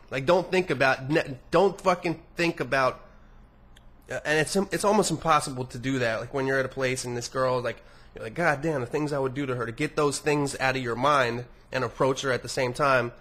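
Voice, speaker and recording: A man's voice: medium pitch, normal speed, fairly bright tone. Rambling, profane young male podcaster. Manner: rambling and profane, with many restarts. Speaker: podcast host answering listener emails. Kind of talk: casual podcast monologue.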